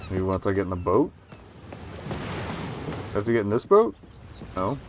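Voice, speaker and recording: Excitable low-voiced man streaming a game. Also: unhurried, background noise. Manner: excitable, profane, self-mocking. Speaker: let's play streamer. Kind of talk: casual gameplay commentary.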